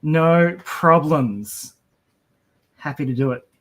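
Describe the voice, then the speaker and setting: A man's voice: fairly high pitch, slow, fairly bright tone. A man with an Australian accent, chatting casually on a livestream while drawing, often trailing off mid-sentence. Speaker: comic artist drawing live on stream.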